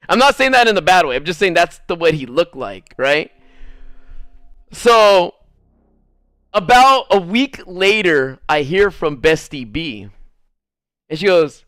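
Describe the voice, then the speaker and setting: A man streaming a game while telling a story in casual chat, animated, swearing freely and laughing often. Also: fairly high pitch, clear, resonant tone, no room sound, clean studio sound.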